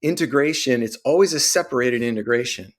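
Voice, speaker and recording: A man's voice: mid-range voice, brisk. A man hosting a podcast, speaking in a thoughtful, personal and reflective way. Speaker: podcast host. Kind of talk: reflective conversational talk.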